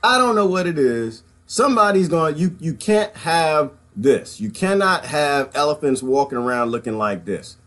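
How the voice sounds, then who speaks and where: A man's voice: fairly high pitch, big pitch swings, normal speed, hardly any pauses, fairly bright tone. A man giving casual livestream commentary, rambling and conversational, calling his viewers y'all and chuckling between points. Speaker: political commentary vlogger.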